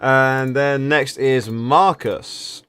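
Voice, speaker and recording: A man runs a tabletop game over voice chat. His voice sits at an ordinary middle pitch. He explains the rules quickly and trips over repeated words as he goes. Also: fairly even intonation, a crowd in the background. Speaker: game master.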